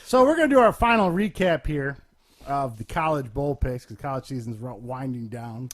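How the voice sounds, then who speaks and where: Lively podcast host running down a list. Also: male voice, mid-range voice, moderate pace. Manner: runs the segment, reading picks off a list. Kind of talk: casual chat.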